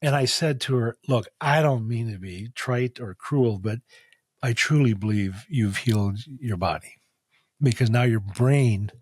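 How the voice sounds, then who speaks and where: Husky man telling a story animatedly. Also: mid-range voice, unhurried, no echo. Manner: animated storyteller acting out quoted dialogue. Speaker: guest, facial diagnosis practitioner. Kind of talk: storytelling in a podcast interview.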